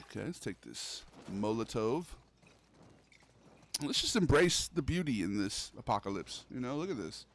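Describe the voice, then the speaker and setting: A man's voice: medium pitch, very animated, moderate pace. A young man streaming a horror game, chatting casually and loosely with his viewers, full of slang. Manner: loose, slangy, calls the audience "bro". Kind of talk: casual gaming livestream chat.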